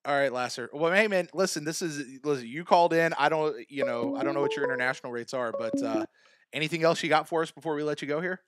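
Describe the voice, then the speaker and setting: A man's voice: fairly high pitch, fast talker, no echo. A man hosting a live call-in show, chatting loosely and stumbling into restarts as he goes. His voice sits a little above the usual male range. It sounds close and dry, with no room around it. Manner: casual, chatty, hesitant restarts. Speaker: podcast host. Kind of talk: live call-in podcast chat.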